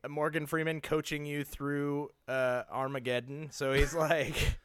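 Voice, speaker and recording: Bright, crisp-voiced joking podcast man. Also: a little high, flat delivery, measured pace, dry recording, studio quality. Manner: joking, laughs often, riffs on bits. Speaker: podcast co-host. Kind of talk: casual comedic chat.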